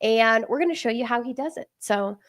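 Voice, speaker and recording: A woman's voice: a little high, fairly quick, dry recording, clean studio sound. A woman hosting a live trading webinar over a video call, upbeat and welcoming. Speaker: webinar host, product director. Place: home in Denver.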